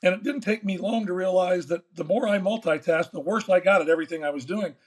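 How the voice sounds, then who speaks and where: An older man, a former baseball manager, telling a folksy, animated story in an interview and acting out the dialogue. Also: high voice, fast talker.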